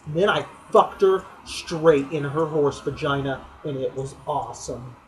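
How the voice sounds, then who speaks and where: A man delivering a rambling comic monologue for his fantasy league's weekly roast, telling crude jokes in a low-key, deadpan way. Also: a little slow, low-quality recording.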